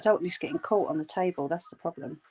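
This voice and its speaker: Speaking fast in a lowish, darkish voice, this woman crochets on a home livestream and responds to comments from her audience. Her manner is warm and reassuring, and she addresses viewers as "love."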